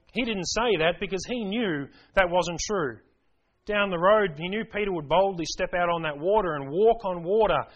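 A man's voice: on the high side, a bit bright. A man preaching a sermon to a congregation, emphatic, repeating key phrases and asking rhetorical questions. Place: church service.

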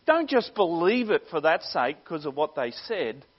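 A male pastor preaching a sermon earnestly, swelling louder on key phrases and dropping low at their ends. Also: sing-song, unhurried, few pauses, dull audio.

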